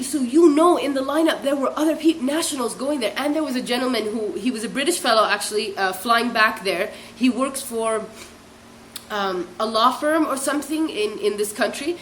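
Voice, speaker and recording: Young woman, vlogger, rambling storyteller, animated, some faint hiss. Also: high voice. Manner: chatty, animated, bursts into laughing shrieks; mimics other people's voices in quotes. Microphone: hairbrush held as a pretend mic, real mic unseen.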